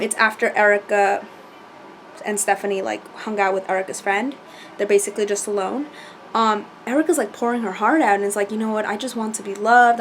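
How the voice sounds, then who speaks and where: A woman chatting casually as she recaps a reality show, animated and full of fillers and quoted asides. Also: medium pitch, a little hiss or hum.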